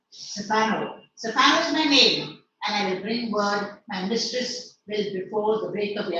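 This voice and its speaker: A woman's voice: on the high side, fairly bright tone, slight background noise. A woman teacher, explaining a play line by line in an online lecture. She paraphrases each verse and quizzes her students. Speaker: English teacher. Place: online class. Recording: echoey distant lo-fi online lecture.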